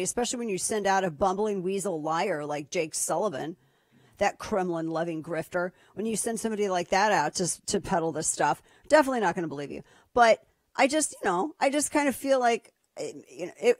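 A woman hosts a political talk radio show, talking casually with a sarcastic, mocking edge and throwing in lively asides. Her voice is medium-pitched. The recording is studio quality with no room sound.

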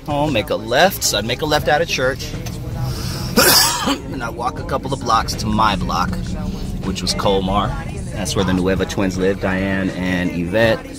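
A man with a very low voice talks casually into a handheld camera as he walks around filming, reminiscing as he goes and sometimes dropping to a hush. Music plays clearly underneath his voice. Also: measured pace. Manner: reminiscing, hushed at times. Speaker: vlogger. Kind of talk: casual walking vlog.

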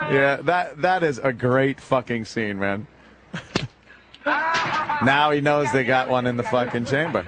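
A man on a radio show giving excited, profane running commentary while watching film clips. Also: medium pitch, slow pace, long pauses, over a noisy crowd. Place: radio studio. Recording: loud film audio playing behind.

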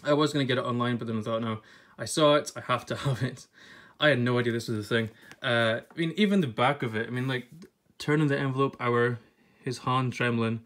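A young man from Scotland with a Scottish accent, talking casually in a vlog. He chats freely and laughs a lot, and he reads passages aloud in a halting, stop-and-start way. His voice sits at a middling pitch. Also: a bit bright. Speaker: vlogger. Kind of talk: casual unboxing chat.

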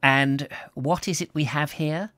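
A man's voice: fairly high pitch, steady tone, measured pace, pushed and bright, no room sound, clean studio sound, voice pushed up. A man reading aloud, voicing a fussy, probing middle-aged male doctor who keeps asking questions. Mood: inquisitive. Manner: persistent, inquisitive questioning.

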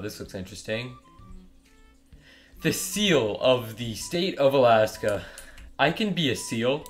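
A young man giving crude, mocking commentary while trolling other players in an online game. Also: lowish voice. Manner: joking, mocking, crude humor. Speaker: gaming YouTuber.

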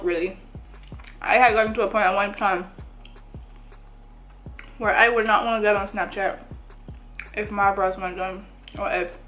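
Young adult woman, mid-pitched; casual eat-and-chat vlogger who rambles and rephrases. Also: a bit bright, rough recording. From Bermuda. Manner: rambling, restarts and rephrases her thoughts. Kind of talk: casual chat while eating.

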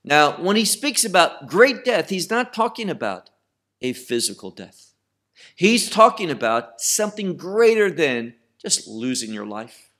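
A man's voice: a little high, sing-song, a little slow, a bit bright. A middle-aged man teaching verse by verse through a Bible book, emphatic and repeating phrases for stress.

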